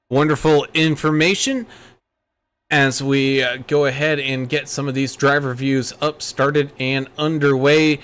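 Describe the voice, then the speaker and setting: A man's voice: medium pitch, fairly bright tone. A man hosting a sim racing broadcast, leading post-race interviews with upbeat broadcaster patter. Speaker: play-by-play host.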